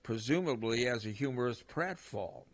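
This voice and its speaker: A man's voice: mid-range voice, lively intonation, normal speed. A man who is a regular on a casual sports radio show, making dry, terse remarks and reading facts aloud. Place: radio studio.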